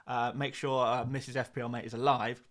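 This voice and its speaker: Laid-back guy streaming from home, chatting to viewers, mid pitch. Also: level tone, a bit bright. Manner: chatty, self-mocking, quick asides to chat. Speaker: fantasy football streamer. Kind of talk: casual live stream chat. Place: home room.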